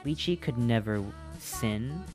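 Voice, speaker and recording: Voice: mid-range voice, expressive, unhurried, music in the background. Chatty, rambling live streamer. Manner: chatty, rambling and playful, with frequent restarts. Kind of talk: casual live-stream chat with viewers.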